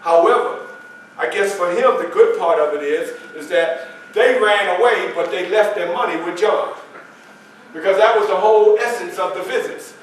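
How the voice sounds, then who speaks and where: An actor playing Frederick Douglass, telling his story in a first-person stage monologue with emphatic, dramatic pauses. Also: sits high, slight background noise, lightly acted. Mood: earnest. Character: Frederick Douglass, adult male statesman recounting his life. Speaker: historical reenactor. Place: library meeting room, live audience. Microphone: far camera. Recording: echoey room from far off, faint ambience.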